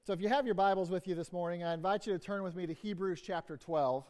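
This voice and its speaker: Male guest preacher, high voice, halting sermon delivery with frequent restarts and fillers. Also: darkish tone.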